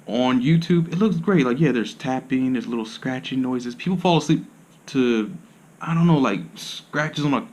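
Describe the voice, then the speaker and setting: A man who works as a massage therapist, rambling to camera in casual monologue with blunt, profane slang and sudden jumps in loudness. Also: medium pitch.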